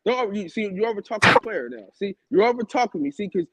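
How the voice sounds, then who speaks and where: A husky, high-pitched man in a heated argument, piling up repeated words and talking over everyone. His voice sits up high and close, with a dry sound and no room around it. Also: lively intonation, quick pace, fairly bright tone, no room sound. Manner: talks over others, repeats himself, profane. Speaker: podcast co-host.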